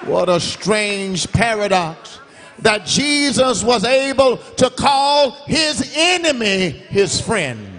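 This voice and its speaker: High, lively preacher in a reverberant church. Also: male voice, slow pace, a faint crowd. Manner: emphatic preaching cadence, swinging between shouted and sung phrases. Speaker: guest revival preacher. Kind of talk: sermon. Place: church sanctuary. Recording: long church hall reverb.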